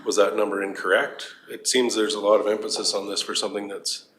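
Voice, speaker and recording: A man's voice: fairly low pitch, little pitch movement, fast talker, fairly bright tone. A man serving as councillor, questioning staff at a council meeting in a probing, skeptical way. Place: council chamber. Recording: roomy chamber sound.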